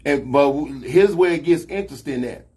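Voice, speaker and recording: A man's voice: a little high, normal speed, darkish tone, husky. A man with a Chicago accent and Southern slang, hosting a casual talk show with emphatic, preachy phrasing. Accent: Chicago Black American English with Southern slang. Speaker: host.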